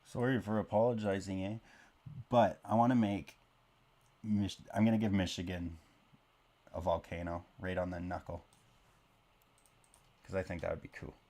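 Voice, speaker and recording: Low-voiced man rambling while drawing. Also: flat delivery, normal speed, pauses often, a little mellow. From born in Canada, raised in Oklahoma. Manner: rambling, self-deprecating, jokey asides. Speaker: map-drawing video creator. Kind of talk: casual commentary while drawing.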